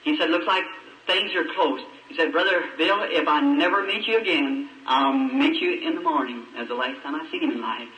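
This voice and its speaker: A man's voice: on the high side, fairly quick, bright, forceful tone, slight background noise. A middle-aged man with a Southern US accent preaching a sermon, telling a personal story with fervent delivery and rhetorical questions to the congregation. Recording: echoey old archival sermon recording from far off.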